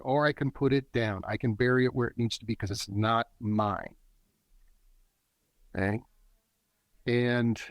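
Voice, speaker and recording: A middle-aged man who facilitates men's work speaks as a guest in a reflective interview, his medium-pitched voice captured in a dry recording. His tone is earnest and instructive, with a pace that quickens and slows. He sits somewhere warm and quiet while a generator hums nearby.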